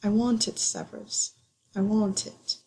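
A woman voicing an eager, earnest young male wizard, a little higher than her narration, in a storybook reading. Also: level tone, unhurried, warm tone, a little hiss or hum, lightly acted.

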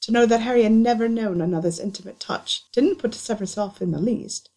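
A woman reading a story aloud in calm, even narration. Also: fairly high pitch, brisk. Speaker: audiobook reader. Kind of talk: scripted narration.

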